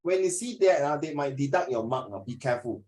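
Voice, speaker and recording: A Singaporean man runs a lesson in a loose, joking way. His voice swings up and down a lot as he teases students and slips between languages. He sounds playful and never stays on one note. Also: quick pace. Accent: Singaporean English. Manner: animated, teasing, mixes languages, lively pitch swings. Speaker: tutor.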